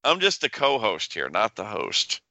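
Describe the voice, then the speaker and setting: A man co-hosting a casual podcast, talking in a halting, stuttery way and stumbling over words as he reads. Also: on the low side, huge pitch swings, creaky, pushed and bright, no room sound. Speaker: podcast co-host.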